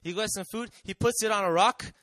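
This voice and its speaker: Guy preaching, chatty and asks the crowd stuff, high bright voice, dry sound. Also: quick pace, no room sound. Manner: conversational, asks the audience questions, acts out quotes. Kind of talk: sermon.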